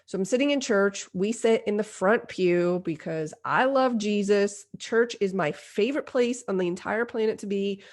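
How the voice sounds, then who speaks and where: A woman's voice: medium pitch, moderate pace, hardly any pauses. A woman podcast host in her forties telling a personal story in a candid, self-deprecating way. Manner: self-deprecating, confessional, lively retelling.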